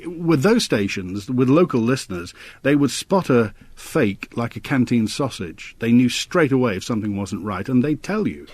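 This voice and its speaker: A man who works as a voice-over artist, recalling his work in a lively, anecdotal interview. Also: mid-range voice, normal speed. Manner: lively storyteller, vivid turns of phrase.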